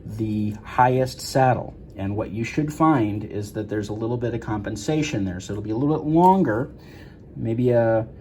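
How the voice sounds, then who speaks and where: Low-voiced man explaining guitar repair. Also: warm tone, a little hiss or hum. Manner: rambling, many fillers and restarts. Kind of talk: casual workshop explanation.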